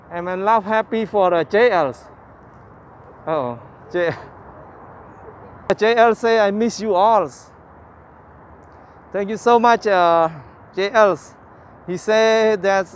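A cheerful man with a high voice talks slowly through a walking-tour livestream, thanking viewers by name in simple broken English. He is outdoors on a phone mic, with faint city sounds behind him. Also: a little hiss or hum. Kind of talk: casual live-stream chat. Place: outdoors in a city park by the waterfront.

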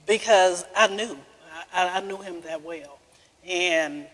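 Halting mother speaking as a guest. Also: on the low side, fairly bright tone, big-room sound, low-quality recording. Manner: halting, repeats words as she starts. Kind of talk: interview talk.

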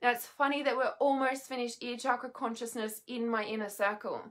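A tired woman venting at home from her bed, with a slightly high voice. Her talk is raw and restless, full of swearing, trailing off and restarting. She sounds emotionally worn. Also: little pitch movement, fairly quick, a bit bright. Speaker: healer and mentor vlogger. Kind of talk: emotional unscripted monologue.

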